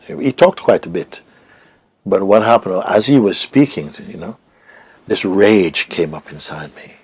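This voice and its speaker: A middle-aged man speaks as an interview guest, recounting a story in a reflective, hesitant way. His voice sits low with a gravelly fry and a very husky, breathy texture. At times he sinks almost to a whisper. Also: expressive, unhurried, dry recording. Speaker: interview guest, spiritual teacher.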